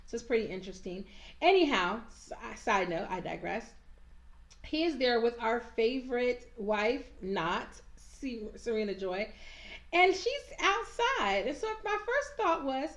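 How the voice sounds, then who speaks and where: A woman recapping a TV episode in casual chat, animated and sassy, acting out the characters as she goes. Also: a little high, unhurried. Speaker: TV recap reviewer. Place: at home, handheld camera.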